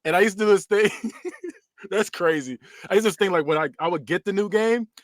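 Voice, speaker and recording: A man's voice: sits high, normal speed, dry recording, studio quality. A man co-hosting a podcast in casual chat, telling stories dramatically and acting them out. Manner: dramatic storyteller, big swings in voice. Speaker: podcast co-host.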